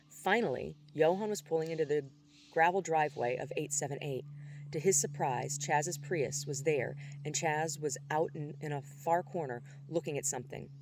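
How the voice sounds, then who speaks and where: A man narrating chapters of a novel in a steady, even storytelling manner with small stumbles. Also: a little high. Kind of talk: audiobook narration.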